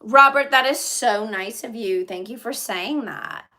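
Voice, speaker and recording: A woman's voice: fairly high pitch, measured pace, bright, forceful tone. A woman live streaming in casual chat, reading viewer comments aloud and answering them in a chatty way.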